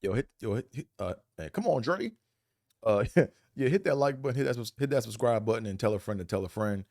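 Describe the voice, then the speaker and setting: A man from Buffalo with a Buffalo accent, hosting a casual monologue vlog, rambling and animated, profane, often mimicking other people's accents. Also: medium pitch, fairly quick, no room sound, studio quality. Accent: Buffalo, New York. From Buffalo, New York. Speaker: vlog host.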